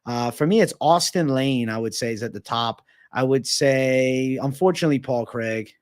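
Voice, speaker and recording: A man hosts a casual livestream, reading chat messages and answering with loose, joking banter full of swearing. He often drops low and quiet as he finishes a thought. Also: normal speed, clean tone. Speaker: livestream host answering viewer questions.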